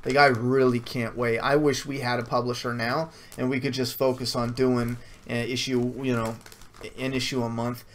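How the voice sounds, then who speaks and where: A man's voice: medium pitch, level tone, moderate pace, slight background noise. A man answering viewer questions in a casual stream, blunt and swearing freely, with frequent restarts. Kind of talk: casual Q&A livestream.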